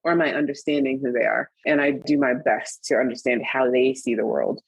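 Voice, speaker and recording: A middle-aged woman as an interview guest, talking reflectively and turning animated when she retells stories. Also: extremely low pitch, fairly quick, gravelly, husky, dry recording, low-quality recording. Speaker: interview guest, magazine editor. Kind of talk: conversational interview.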